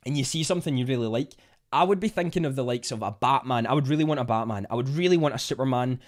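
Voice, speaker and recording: A man's voice: medium pitch, fast talker. A Scottish man hosting a casual livestream, chatting to viewers in a rambling way and often restarting his sentences. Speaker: livestream host reading chat. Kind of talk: casual live chat.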